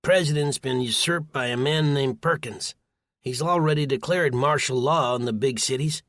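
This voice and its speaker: A man voicing a gruff, loud older male prepper who rants and shouts in an audiobook, recorded dry and close. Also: medium pitch, normal speed, dry recording, natural voice. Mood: ranting. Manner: blustering, shouting.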